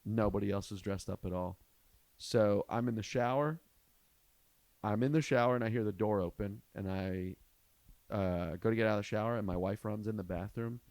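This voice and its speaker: Low-voiced man telling a funny story. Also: normal speed, no room sound. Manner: animated, profane, rising to shouts at the punchlines. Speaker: podcast host and comedian. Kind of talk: comedic storytelling.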